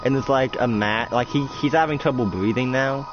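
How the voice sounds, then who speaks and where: Casual guy rambling through a roleplay story, mid-pitched, dull lo-fi audio and music behind. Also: fairly quick. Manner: rambling, many fillers and restarts. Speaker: game master narrating a roleplay.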